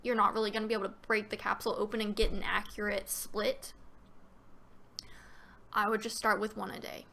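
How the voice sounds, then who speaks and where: Bright-voiced woman hosting a casual Q&A. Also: mid-range voice, flat delivery, a little fast, vocal fry, long pauses, slight background noise. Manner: chatty and loose, many fillers and restarts; reads viewer questions aloud. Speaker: live stream Q&A host. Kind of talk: casual live-stream Q&A, answering viewer questions.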